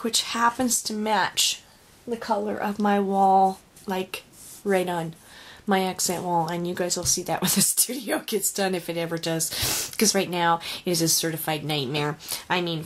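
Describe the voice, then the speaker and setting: Slow, gushing woman unboxing crafts. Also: mid-range voice. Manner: gushing, emotional, lots of oohs and sighs. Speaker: crafter unboxing a swap gift. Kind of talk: casual unboxing vlog. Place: home craft room with dog nearby.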